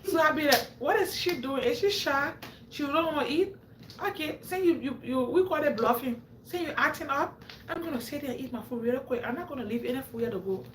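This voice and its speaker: High-voiced woman telling stories live. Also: a little fast, echoey room, slight background noise. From Africa. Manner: laughs often, acts out quotes with a rising voice. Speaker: livestream host. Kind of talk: animated storytelling to a live audience.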